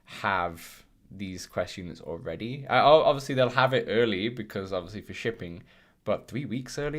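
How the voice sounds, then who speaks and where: A man hosts a casual podcast livestream from his home setup, talking into a desk mic on a video call. His voice sits on the low side, and he rambles with plenty of ums and restarts. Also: expressive, normal speed, fairly bright tone. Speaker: podcast host.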